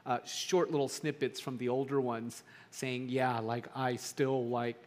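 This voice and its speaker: A middle-aged man preaching a sermon in a conversational, animated way, building to emphatic peaks. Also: medium pitch, unhurried. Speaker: pastor.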